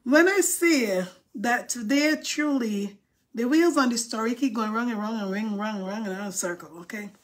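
With a fairly high pitch and moderate pace, this livestream host chats casually and reads out viewer comments with flair. Her grammar is informal dialect, and she puts on dramatic mock tears over likes.

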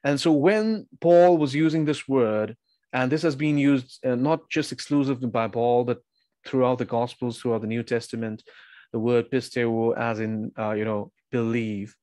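A man's voice: medium pitch, moderate pace, warm tone, no echo. A man preaching a sermon, earnest and emphatic, asking his listeners pointed questions.

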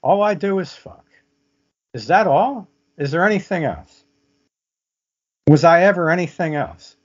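A man's voice: a little high, animated, measured pace. A man quoting a dazed young woman who wonders aloud as if speaking to an audience, on muffled lo-fi audio. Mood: lost, searching. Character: dazed young woman lost in her own thoughts.

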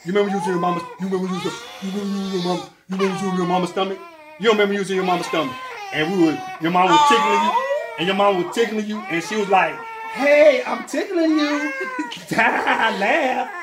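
A man's voice: high-pitched, racing. A man joking and telling rambling stories to a crying baby, playful and often laughing, filmed on a phone. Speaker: uploader talking to a crying baby. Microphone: phone video. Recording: noisy room with crying and laughter. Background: baby crying, people laughing.

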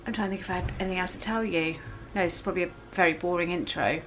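A woman's voice: on the low side, racing, fairly bright tone, a little hiss or hum, low-quality recording. A woman with an English accent chatting casually to her camera in a rambling vlog, often correcting herself. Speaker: vlogger.

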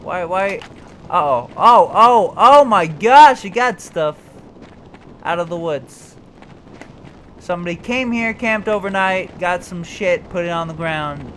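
A man's voice: sits high, slow, fairly bright tone, a little hiss or hum. A man commenting on a video game as he plays, talking to himself, swearing and yelping when startled. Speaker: gameplay commentator. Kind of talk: let's play commentary.

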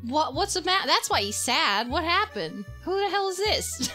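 A woman streamer giving live gameplay commentary, giggling often, swearing and reacting loudly to the game. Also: high voice, very animated, normal speed, soft background music.

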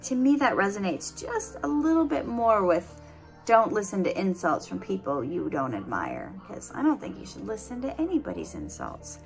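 A middle-aged woman at home giving earnest, animated motivational advice to camera, laughing easily. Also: medium pitch, normal speed, gravelly, soft background music. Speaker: vlogger giving life advice. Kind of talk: casual motivational talk to camera.

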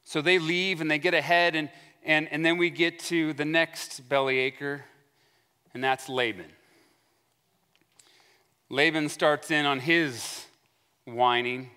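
A man's voice: on the high side, measured pace, pushed and bright, clear, resonant tone. A male pastor giving a conversational sermon in a church sanctuary, acting out the voices he quotes, heard with long hall reverb.

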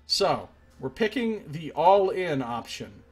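A man's voice: fairly high pitch, big pitch swings, slow, a little mellow, breathy edge, soft background music. A man streaming a video game, chatting casually with viewers and reading the game's text aloud, self-deprecating and talkative. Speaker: Let's Play streamer.

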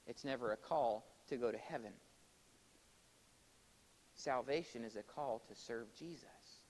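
A man preaching a sermon to his congregation in a church, swinging between loud, emphatic exhortation and quiet explanation, and calling for amens. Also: mid-range voice, measured pace, low-quality recording. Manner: addresses congregation directly, calls for amens. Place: church sanctuary.

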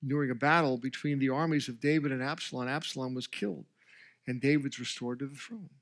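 A man's voice: medium pitch, a little fast. A male pastor preaching a sermon, telling a story with emphatic, rising delivery and briefly voicing the characters.

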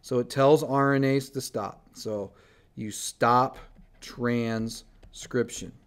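A man's voice: mid-range voice, fairly even intonation, slow, clear, resonant tone. A man teaching biology in a recorded screencast lecture, talking casually as he draws on slides and corrects his own slips.

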